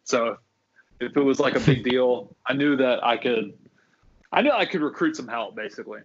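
A man's voice: medium pitch, lively intonation, moderate pace, lo-fi sound, slight background noise. A man on a podcast, casually recounting stories from his old custodial job, full of fillers and restarts. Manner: rambling, many fillers and restarts. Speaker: guest, former theme park custodian.

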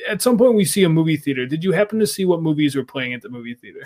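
A man's voice: fairly high pitch, animated, racing, darkish tone. A man co-hosting a podcast in casual chat, speculating eagerly and jumping between ideas. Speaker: podcast co-host.

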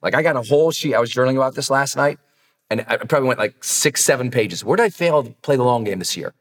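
A man talking as a high performance coach in a motivational podcast, earnest and direct, challenging listeners with warm asides. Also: expressive, fast talker, big-room sound.

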